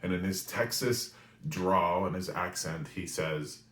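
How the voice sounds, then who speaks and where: Recorded with a roomy echo, a man in his forties from New England delivers a storytelling monologue at a measured pace in a low-sitting voice. He hosts a weekly message as a spiritual reader and keeps checking in with the listener, animatedly asking "right?"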